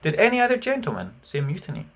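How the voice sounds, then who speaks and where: A man's voice: lively intonation, normal speed. A man doing a purring, menacing pirate captain. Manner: purring, mock-courteous menace, louder and higher. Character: menacing, silkily cruel male pirate captain. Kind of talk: audiobook reading.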